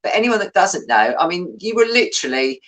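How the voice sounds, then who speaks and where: Lively-voiced chatty woman host. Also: on the low side. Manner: chatty, quick to laugh, interrupts. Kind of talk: casual interview chat.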